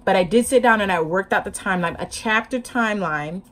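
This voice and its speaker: A woman's voice: medium pitch, brisk, a bit bright. A woman vlogging casually to camera about her writing, hyper and chatty, laughing often, talking with her hands, a bit sleep-deprived.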